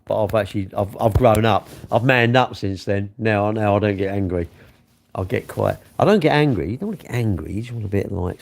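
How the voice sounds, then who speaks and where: A man's voice: lowish voice, vocal fry. A middle-aged man chatting loosely and self-mockingly on a late-night livestream from his bedroom, talking into his phone. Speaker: livestream host.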